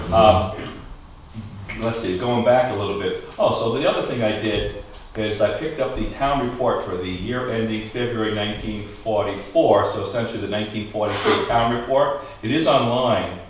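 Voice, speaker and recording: Speaking at a normal speed in a voice on the low side, a middle-aged Maine man hosts a casual historical society talk about local history, quizzing and joking with a small audience. The schoolhouse room is echoey, he's recorded from far off, and there's slight background noise.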